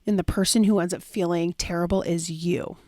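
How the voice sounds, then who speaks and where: A woman's voice: lowish voice, fairly even intonation, brisk, darkish tone, dry recording, studio quality. A young adult woman hosting a solo podcast as a life coach, telling a story with lots of fillers and dramatic quoted asides.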